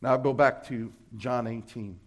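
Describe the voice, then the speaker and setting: In an unhurried sermon, a male Brooklyn pastor with a New York accent keeps his intonation fairly even overall. Still, he shifts between emphatic, loud scripture passages and soft, low asides.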